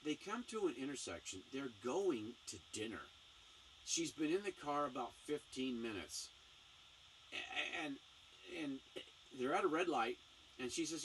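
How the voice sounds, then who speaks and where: Animated man telling a story, distant mic. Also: mid-range voice, a little slow, long pauses. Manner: animated, acts out voices in anecdotes. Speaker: missionary speaker, show host. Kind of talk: casual storytelling talk. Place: small home studio. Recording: distant mic, faint background noise.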